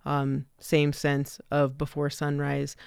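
A man's voice: a little high, completely flat delivery, takes it slowly, vocal fry, clear, resonant tone, no room sound, studio quality. A male podcast co-host recounting film background facts in a film discussion.

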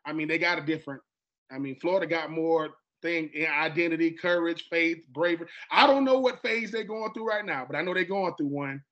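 A man's voice: a little high, a little fast, lo-fi sound. A man from Georgia, hosting a casual podcast chat and acting out quoted dialogue with lots of restarts. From Georgia, USA. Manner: animated, acts out quoted dialogue; repeats and restarts often. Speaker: podcast host.

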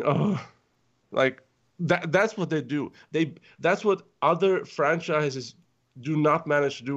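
A man's voice: mid-range voice, muffled recording. A man on a podcast panel, gushing and rambling with lots of filler words in casual chat.

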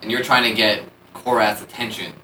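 A man playing a tabletop game who argues the case for his character's move in quick bursts. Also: on the low side, fairly even intonation, bright, forceful tone, slight background noise, rough recording. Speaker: player.

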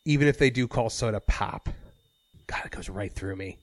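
A man's voice: lowish voice, normal speed, vocal fry, no echo. A man co-hosting a casual podcast chat, rambling with many fillers and restarts. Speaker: podcast co-host.

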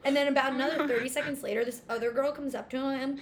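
A woman's voice: high voice, fairly even intonation, racing, a little hiss or hum. A young woman animatedly telling a story in casual chat, acting out the dialogue. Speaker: storyteller guest.

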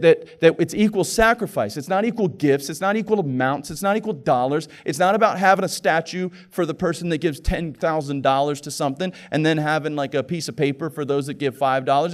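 A man pastor preaching a sermon in a conversational way, dropping to hushed pleading and climbing to loud, excited passages. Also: a little high. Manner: conversational, with filler and repeated words.

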